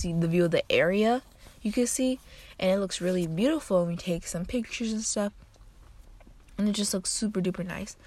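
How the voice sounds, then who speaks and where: A young woman tells a casual storytime, rambling along with plenty of "like" and "um". Her voice sits at a middling pitch, and it is recorded close and dry with no room sound. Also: darkish tone, no echo. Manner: rambling, lots of "like" and "um". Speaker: vlogger.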